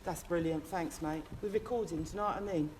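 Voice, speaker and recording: A woman's voice: on the low side, a little fast, a little mellow, a little hiss or hum, natural voice. A woman playing a brash, sweary working-class London man in a comic monologue, rambling and impassioned, with a London accent. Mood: impassioned rant. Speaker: character monologist. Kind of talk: comic character monologue to camera.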